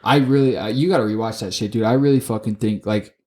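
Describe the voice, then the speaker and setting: A young man co-hosting a casual sports podcast, cursing freely and stumbling over his own words. His voice sits on the low side with a mellow tone. He talks in excitable bursts and repeats himself as he goes. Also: quick pace. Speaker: podcast co-host.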